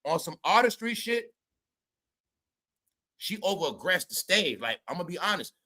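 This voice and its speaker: A man's voice: sits high, very animated, normal speed, bright, forceful tone. A man giving casual, comedic commentary as a vlogger, rambling, swearing, laughing and stammering as he talks.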